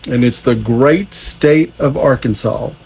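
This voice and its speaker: A man's voice: mid-range voice, measured pace, creaky, a little mellow, a little hiss or hum, low-quality recording. A man from Georgia giving folksy commentary to his viewers. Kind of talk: news commentary.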